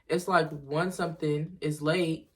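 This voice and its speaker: A woman telling a story to her viewers in a casual storytime video, animated and swearing freely. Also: deep voice, measured pace, distant mic. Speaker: storyteller vlogger.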